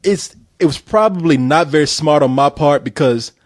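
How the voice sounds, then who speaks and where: Guy telling a wild story on a podcast, kinda high voice, swears a lot, dry close mic. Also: moderate pace, no room sound. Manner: animated storyteller, swears freely, acts out voices. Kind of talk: casual storytelling chat.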